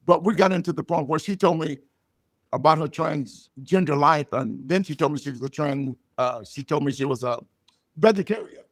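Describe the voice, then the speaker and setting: An older man, a comedian guest, telling stories and jokes in a loud, punchy way. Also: a little high, normal speed, dry recording, clean studio sound. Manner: loud punchy joke delivery, animated storytelling. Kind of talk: storytelling comedy chat.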